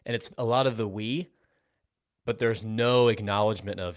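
A man's voice: lowish voice, steady tone, normal speed, no room sound, studio quality. A man co-hosting a casual sports talk show, explaining points steadily with examples. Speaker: podcast co-host.

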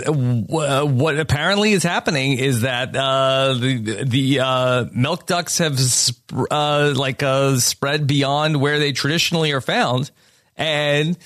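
A man hosting a casual chat show, halting and full of pauses. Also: on the high side, fairly bright tone, dry recording, clean studio sound. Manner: halting, lots of filler pauses. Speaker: podcast host.

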